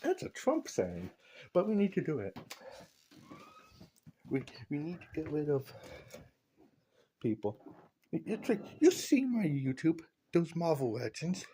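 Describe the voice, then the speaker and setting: A man's voice: on the high side, wildly swooping pitch, unhurried, long pauses, dark tone, a little hiss or hum. A man vlogging a casual, rambling opinion rant, joking and laughing at his own lines.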